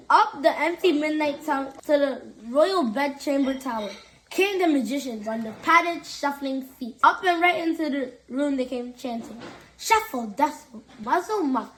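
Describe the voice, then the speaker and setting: A woman reads a children's storybook aloud in a casual way, now and then stumbling over a word. Her voice sits high, with a faint hiss of background noise. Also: a bit bright, low-quality recording. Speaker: reader. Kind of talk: reading a children's book aloud.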